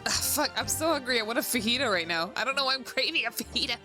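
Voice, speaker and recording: A woman's voice: fairly high pitch, expressive, fast talker. Giggly, swearing young woman streamer. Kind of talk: casual game-stream chat. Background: background music.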